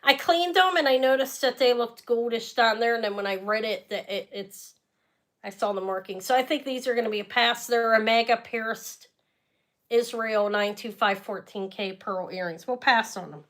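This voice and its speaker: A chatty woman runs a casual live sales stream, her voice sitting a little high. She rambles freely and addresses viewers directly as she goes. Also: normal speed, a bit bright. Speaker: jewelry seller hosting a live sale.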